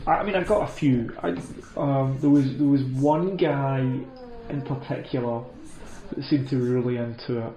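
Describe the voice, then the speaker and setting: Rambling deadpan man, roomy muffled sound. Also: medium pitch, moderate pace. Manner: rambling, hesitant, full of restarts and fillers. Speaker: comedian. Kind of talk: deadpan comedic monologue.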